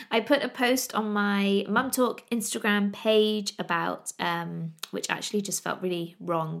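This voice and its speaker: A woman's voice: mid-range voice, gravelly. A woman, hosting a podcast and chatting in a laughing, exasperated storytelling way. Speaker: podcast host. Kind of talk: casual chat.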